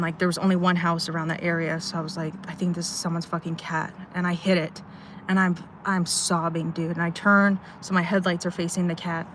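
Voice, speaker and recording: A woman's voice: lowish voice, a bit bright, slight background noise. A young woman telling a story to her live chat in a rambling, emotional way, swearing often, from a parked car at night. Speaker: livestreamer.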